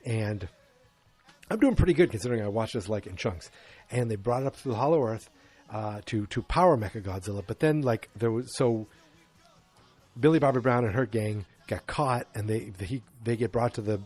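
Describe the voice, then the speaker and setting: A man's voice: lowish voice, darkish tone. Rambling, sarcastic male podcast host. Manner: rambling, sarcastic, self-deprecating asides. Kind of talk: casual movie recap.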